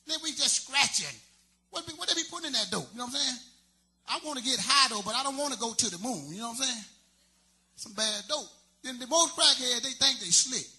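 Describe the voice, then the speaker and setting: A man's voice: very high voice, expressive, fast, bright, forceful tone. A man doing a stand-up comedy set, telling loose, rambling stories full of street slang.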